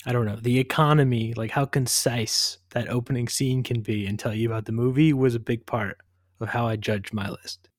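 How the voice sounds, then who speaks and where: A man's voice: medium pitch, moderate pace, no room sound, studio quality. A man co-hosting a casual movie podcast, talking loosely with lots of "like" and "kind of". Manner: relaxed, heavy use of "like" and "kind of". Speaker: podcast co-host.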